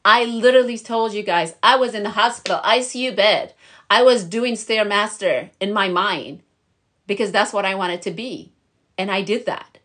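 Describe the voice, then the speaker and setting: A woman's voice: mid-range voice, moderate pace, fairly bright tone. Earnest young woman giving motivational talk. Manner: earnest, emotional, encouraging. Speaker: vlogger.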